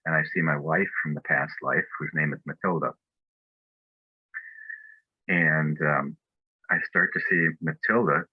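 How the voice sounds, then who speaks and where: Low-voiced man telling an earnest story. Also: breathy edge, dry recording, phone-quality sound. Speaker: speaker at a spiritual fellowship. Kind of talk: personal testimony talk.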